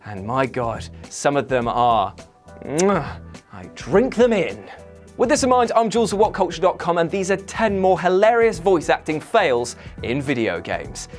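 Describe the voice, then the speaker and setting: Brief: host, animated pitch, sarcastic comic delivery, faint music under. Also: male voice, moderate pace. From Britain. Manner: sardonic, lively, jokey. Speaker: gaming video host. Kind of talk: scripted comedic countdown.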